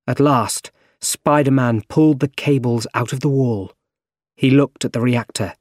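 A man reading a simple story aloud, slow, careful and plain. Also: mid-range voice, a little mellow, no room sound, clean studio sound. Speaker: narrator. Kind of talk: scripted narration of a graded reader.

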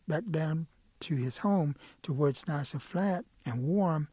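A middle-aged man spins folk tales in a playful, rhythmic way, now and then stumbling over a word. His voice is fairly high with a slight huskiness. The sound is dry and close. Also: dark tone, husky, no room sound. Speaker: storyteller. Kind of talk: oral storytelling.

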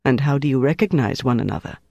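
A cold, calculating German officer interrogating a prisoner, read by an audiobook narrator. He speaks with measured, quiet menace in a mid-pitched voice on a dry recording. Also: expressive, gravelly, slightly rough, no echo, lo-fi sound.

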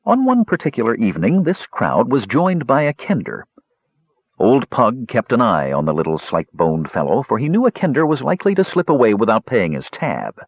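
A man narrating a fantasy story in an expressive audiobook style. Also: mid-range voice, moderate pace, slightly rough, no echo. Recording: dull, dry close recording.

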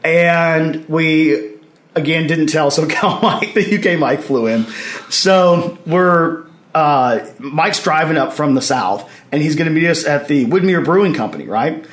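A man's voice: on the high side, a little slow. A man with a slightly raised voice tells stories as a podcast guest. He speaks with energy, breaks into the voices of the people in his anecdotes and laughs as he goes. The room leaves a noticeable echo on his voice. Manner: animated anecdotes, acts out others' lines, laughs while telling. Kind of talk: storytelling in casual conversation. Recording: roomy echo.

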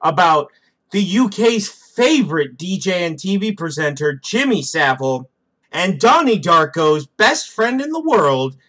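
Profane, jokey male podcast co-host with a lively, fairly high voice. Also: measured pace. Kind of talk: casual comedic chat.

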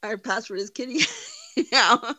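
A woman hosting a livestream in a blunt, profane, mocking way, her voice bright and forceful. She sits a little high for a woman and sounds dry and close to the mic. She talks in a casual, commentary style. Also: unhurried, no echo. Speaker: livestream host.

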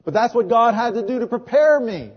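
A man's voice: extremely high pitch, lively intonation, brisk, slightly rough. A man preaching a sermon, telling earnest stories and acting out the dialogue. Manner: earnest storytelling, acts out quoted dialogue. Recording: dull lo-fi audio with long hall reverb.

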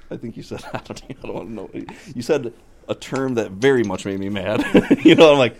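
A man's voice: medium pitch, a little fast, slight background noise. A man telling stories in casual chat on a talk show, laughing often as he goes. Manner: animated storyteller, laughs often.

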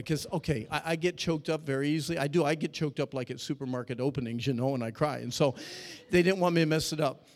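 A middle-aged man preaches a dramatic, animated sermon to a young crowd. His voice sits a little high. It rings out with a long reverb from a big hall as he swings from loud shouts to quiet storytelling. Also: fast. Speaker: youth speaker.

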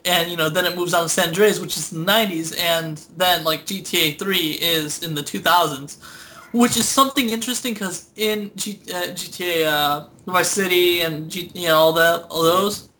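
A young man co-hosts a loose gaming chat, rambling along with frequent laughs and curses. His voice sits high and bright. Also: fairly even intonation, moderate pace. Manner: rambling, laughing, swearing often. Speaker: podcast co-host. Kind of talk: casual chat.

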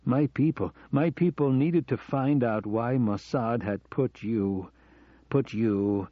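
A man's voice: mid-range voice, normal speed, no echo, lightly acted. A man reading an audiobook, voicing an American male professor who earnestly and self-deprecatingly confesses to the woman he loves, on a dull recording. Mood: pleading.

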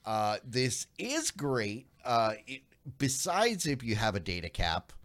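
A man co-hosting a tech podcast in casual chat, explaining the background of a news item with frequent pauses and restarts. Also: medium pitch, wildly swooping pitch, fairly bright tone. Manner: explanatory, hesitant, many ums and restarts. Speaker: podcast co-host.

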